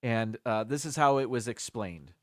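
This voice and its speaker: A man's voice: medium pitch, lively intonation, normal speed, no echo, clean studio sound. A man hosting a live stream in casual chat, talking through words and sounding each one out carefully.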